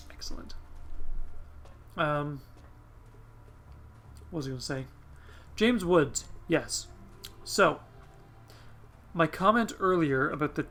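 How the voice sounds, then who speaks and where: A man's voice: a little high, a bit bright, slight background noise. A man hosting a let's play, chatting casually with rambling asides and the odd swear. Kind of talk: casual gameplay commentary.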